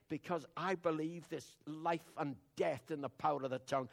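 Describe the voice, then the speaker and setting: An older man, preaching in a conversational, storytelling sermon that drops to hushed asides and rises to loud declarations. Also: fairly high pitch, brisk, creaky, few pauses.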